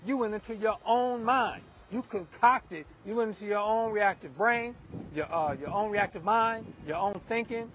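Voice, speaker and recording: A man's voice: sits high, normal speed, a bit bright. A man giving an emphatic, repetitive moral talk outdoors in a windy park. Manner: emphatic and repetitive, driving points home. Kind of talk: off-the-cuff preaching monologue.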